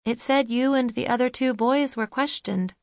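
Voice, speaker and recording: A woman's voice: a little high, moderate pace, a little mellow, no echo, clean studio sound, voice pushed up, natural voice. A woman voicing a determined young woman who keeps pressing with insistent questions.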